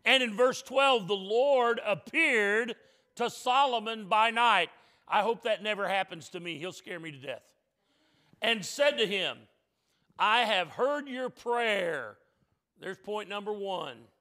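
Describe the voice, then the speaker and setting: A man with a high, bright, ringing voice preaches a sermon in a church. He is emphatic and folksy, going from loud declarations to quiet joking asides to his congregation. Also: measured pace. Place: church sanctuary.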